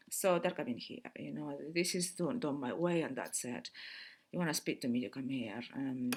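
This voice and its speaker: Chatty woman vlogger, lively low voice. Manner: chatty, laughs often, restarts sentences. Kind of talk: casual talk to camera.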